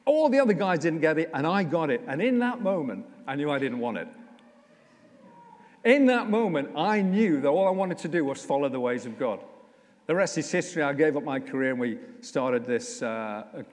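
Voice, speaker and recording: A man, a vicar, preaching a conversational sermon with humour, slowing down to stress key lines, in a church. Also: fairly high pitch, expressive. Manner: conversational, humorous, slows down for emphasis. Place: church, indoors. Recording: echoey church hall.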